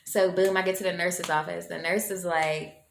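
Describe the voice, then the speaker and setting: Woman vlogger, casual storytelling, animated and slangy, echoey room. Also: lowish voice, normal speed, creaky. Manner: animated, slangy, acts out quoted voices. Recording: echoey room with faint noise.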